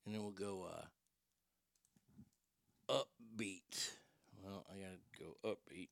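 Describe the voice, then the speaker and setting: A man's voice: deep voice, fairly even intonation, fast, a little mellow, dry recording. A man hosting a comedy podcast, ranting off the cuff in a crude, rambling, self-mocking way. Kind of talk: improvised comedic rant.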